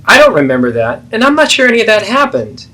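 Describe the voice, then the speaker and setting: A man's voice: sits high, huge pitch swings, fast talker, pushed and bright, exaggerated voice. A man voicing a defensive, self-pitying middle-aged mother who deflects and guilt-trips in a therapeutic role-play.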